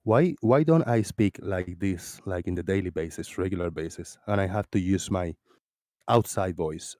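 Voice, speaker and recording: A man hosting a casual voice-chat stream, talking loudly and laughing often, with plenty of swearing, close to his desk microphone. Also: sits low, moderate pace, dry recording. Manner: loud, laughing, profane. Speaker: stream host.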